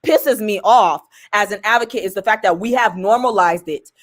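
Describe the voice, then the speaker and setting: A woman's voice: medium pitch, moderate pace. A woman speaking as an advocate and co-host in a talk podcast, making her point earnestly and emphatically, often quoting what other people say. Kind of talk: passionate conversational commentary.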